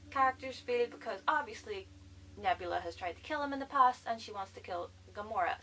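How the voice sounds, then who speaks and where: A woman's voice: mid-range voice, pushed and bright, far from the mic, a little hiss or hum, poor audio. A woman chatting enthusiastically in a casual movie review vlog, full of fillers like "like.". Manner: gushing, chatty, lots of "like".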